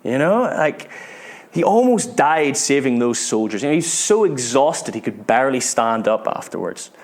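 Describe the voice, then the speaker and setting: A British preacher in mid-sermon, speaking at a middle pitch for a man. He tells his story with earnest feeling, stumbling and repeating words, then sinking to a hush when the moment grows heavy. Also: very animated, moderate pace. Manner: earnest, repeats words, drops to hushed tones at dramatic moments.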